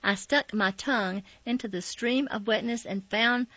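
A woman narrating a memoir in a calm, measured reading. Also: a little high, dry recording. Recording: slightly dull, dry recording.

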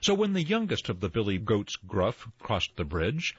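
An older man reads a storybook aloud, slow and expressive, his very deep, husky voice rising and falling widely. The sound is dry and a little dull. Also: dry recording. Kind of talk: reading stories aloud. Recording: slightly dull dry recording.

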